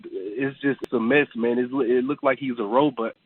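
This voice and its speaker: A man's voice: mid-range voice, fairly even intonation, moderate pace, breathy edge, no echo. A man calling in to a sports radio show, rambling and hesitant, with lots of "you know" fillers. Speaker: caller. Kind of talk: call-in radio chat. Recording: tinny phone line.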